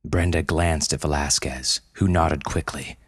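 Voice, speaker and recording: A man narrating a scripted story in a calm, low-key way. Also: a little slow, no room sound, clean studio sound.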